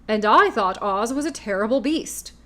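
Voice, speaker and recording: A woman reading a storybook aloud voices a male man of tin who wants a heart, speaking loud and indignant. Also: on the high side, lively intonation, normal speed.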